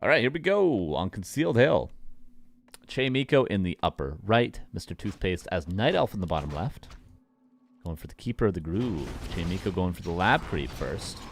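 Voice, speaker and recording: Deep-voiced, playful male game caster. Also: very animated, normal speed, creaky, noisy background. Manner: joking, playful, chats with viewers. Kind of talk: live replay commentary.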